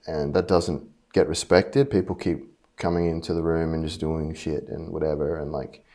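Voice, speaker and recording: A man telling a personal story in a rambling, halting way, frustrated and full of fillers and restarts. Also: low voice, mellow. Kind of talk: casual personal monologue.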